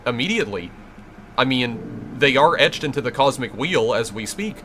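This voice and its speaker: A man's voice: medium pitch, animated, normal speed, background noise, natural voice. A man reading a solemn mystical familiar spirit. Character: intense mystical male familiar spirit, teacher. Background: game music.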